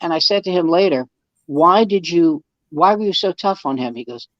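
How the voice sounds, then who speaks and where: A man's voice: fairly high pitch, normal speed, fairly bright tone, no echo. Comedian man telling a story on a dull, dry recording. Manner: acts out quoted dialogue with repeated restarts. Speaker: comedian guest. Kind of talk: casual anecdote telling.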